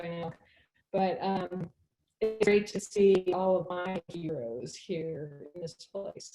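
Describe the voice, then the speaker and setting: Woman giving an earnest share at a meeting, lots of ums, soft mellow voice, faint hiss behind. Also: medium pitch, rough recording. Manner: earnest, halting with many fillers. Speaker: recovery meeting member sharing.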